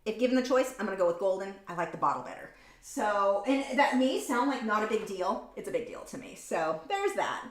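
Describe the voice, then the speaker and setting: A woman's voice: mid-range voice, sing-song, fairly quick, few pauses. A woman hosting a casual painting livestream, chatting in a rambling way and correcting herself mid-sentence. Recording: roomy room sound.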